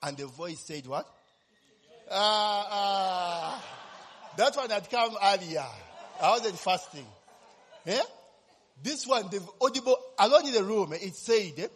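Male preacher, high husky voice, lively storytelling, reverberant church hall. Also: normal speed. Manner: animated storytelling with constant tag questions. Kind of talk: sermon with personal testimony.

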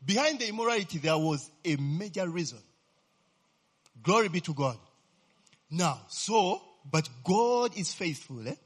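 Man, preacher, sermon, fairly high voice, husky, keeps asking "eh?", chuckles between points. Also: expressive, unhurried, a bit bright. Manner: tags sentences with a questioning "eh?"; chuckles often mid-sentence. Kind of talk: lively sermon with audience call-and-response.

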